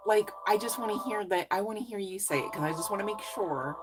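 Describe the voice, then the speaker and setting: A woman's voice: mid-range voice, quick pace, few pauses, over music, rough recording. A woman giving a casual live psychic reading, effusive and encouraging, chatty with lots of fillers. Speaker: psychic reader.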